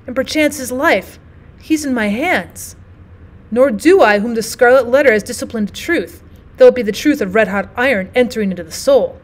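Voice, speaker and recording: A shamed but resolute woman who begs earnestly in old-fashioned phrases, voiced by a female reader. Her voice sits a little high and stays grave and steady.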